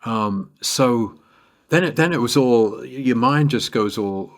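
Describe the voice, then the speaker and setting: An English man in his fifties, a guest guitarist telling stories in an interview in a chatty, animated way, full of "you know" and "like". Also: mid-range voice, measured pace, no echo, clean studio sound. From England. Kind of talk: casual storytelling in an interview.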